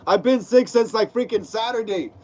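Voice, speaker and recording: A young man with a stuffy nose from a cold hosts a casual live stream from a room at home, reading chat aloud and saying "bro" a lot. His voice is high-pitched, a little mellow, at a moderate pace.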